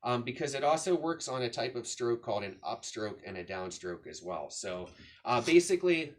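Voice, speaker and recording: This drum teacher has a mid-range, animated voice and talks at a normal pace. Patient throughout, he counts the beats out loud while demonstrating, offering a casual instructional explanation in a room with a drum kit.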